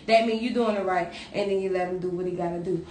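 A woman co-hosting a podcast in casual chat, telling stories loudly and profanely. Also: on the low side, fast, echoey room, slight background noise. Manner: loud, profane, animated storytelling. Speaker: podcast co-host.

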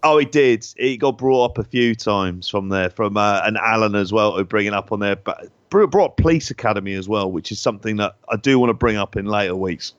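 A man's voice: fairly low pitch, fairly quick, few pauses, no room sound, dull audio. A man with a London accent chatting casually as a podcast co-host, rambling and laughing often. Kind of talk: casual chat.

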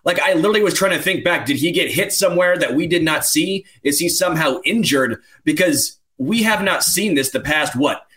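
A man's voice: on the high side, lively intonation, a little fast, sharp tone. A man co-hosting a sports podcast, puzzling aloud and asking questions. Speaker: podcast co-host. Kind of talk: casual sports podcast chat.

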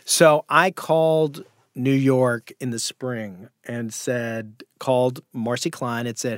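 A man's voice: medium pitch, moderate pace, dry recording, clean studio sound. A man guest telling a story in a casual interview, acting out the voices of the people in it. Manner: animated anecdote telling with acted-out quotes. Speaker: guest comedian and actor.

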